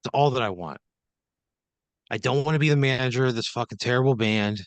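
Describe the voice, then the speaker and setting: A man co-hosting a comedy podcast, complaining in an exasperated, profane deadpan. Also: medium pitch, fairly quick, dry recording. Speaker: podcast co-host. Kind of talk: improvised comedy.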